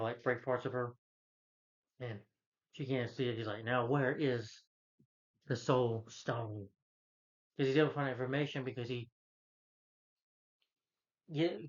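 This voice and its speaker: A film reviewer recaps a movie's plot in loose, casual speech, rambling with lots of fillers, tripping over names and correcting himself. His pitch is an ordinary middle range. The audio is muffled and lo-fi.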